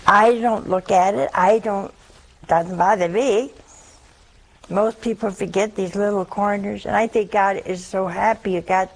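A woman's voice: mid-range voice, steady tone, a little slow, creaky, rough recording. A woman giving a Catholic religious talk, telling humorous stories between points about forgiveness. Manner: storytelling, humorous asides. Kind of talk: spoken religious talk with anecdotes.

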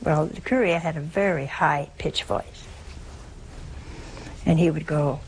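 A woman's voice: deep voice, a little slow, long pauses, a little mellow, slight background noise, rough recording. A woman giving a folksy religious talk, telling stories and asking rhetorical questions. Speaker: religious speaker. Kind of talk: sermon-style talk.

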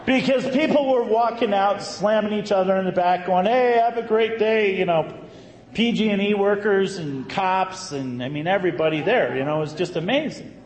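A man, a Catholic priest, telling a story in a sermon with a lively, conversational manner and emphatic bursts. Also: high-pitched, a little hiss or hum. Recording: echoey hall, faint ambience.

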